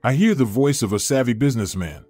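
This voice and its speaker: A crooked, contemptuous businessman, read by a man in a storybook tale, his sneer turning lively and sharp. It is a close, dry recording with soft music beneath. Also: mid-range voice, fast, no echo, natural voice. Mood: sly. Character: scheming, mocking middle-aged male business partner.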